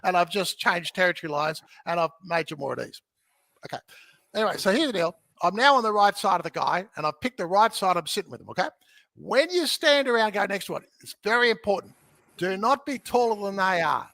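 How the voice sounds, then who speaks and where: An energetic man with a high, bright voice explains his methods as a podcast guest. He talks in a lively, joking way and keeps checking in with his listener. The sound is dry and close. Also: brisk, vocal fry, no room sound. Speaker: podcast guest, real estate educator. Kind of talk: animated teaching in conversation.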